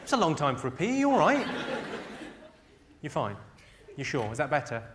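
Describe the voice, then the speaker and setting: A man with a fairly high voice works the room in a deadpan, teasing stand-up roast. He speaks into a stage mic in a live theatre, with loud laughter from the audience behind him. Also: normal speed, heavy background noise. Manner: deadpan, teasing crowd work. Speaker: stand-up comedian.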